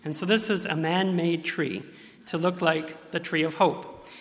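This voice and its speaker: Earnest male preacher, slightly high-pitched, reverberant hall. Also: fairly even intonation, unhurried. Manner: earnest, acts out quoted voices in bursts. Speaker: pastor. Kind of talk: sermon.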